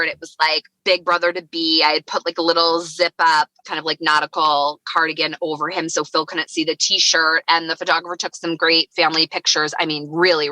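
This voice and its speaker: A woman's voice: fairly low pitch, bright, forceful tone, no echo, rough recording. A woman in her thirties from Chicago, a podcast guest telling a personal story in a chatty way, often saying "like". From Chicago, USA. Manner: chatty, heavy use of "like".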